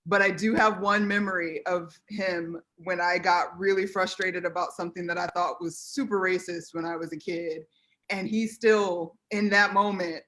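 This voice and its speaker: A woman's voice: fairly low pitch, a bit bright. An American woman speaking as a guest on a live video chat, earnest and heartfelt, close to tears. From United States.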